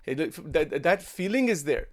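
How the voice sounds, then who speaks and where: Man, spiritual teacher, high voice, explanatory discourse with frequent restarts. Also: lively intonation, measured pace. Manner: explanatory, repeats words, switches between English and Hindi. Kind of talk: daily satsang discourse.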